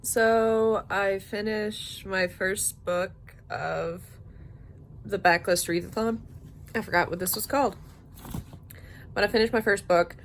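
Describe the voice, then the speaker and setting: A woman's voice: slow pace, long pauses, slight background noise. Young female booktuber, exhausted and drowsy, chatting casually at night. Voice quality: sleepy, low-energy delivery. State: tired, yawning. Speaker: book vlogger. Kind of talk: casual late-night vlog.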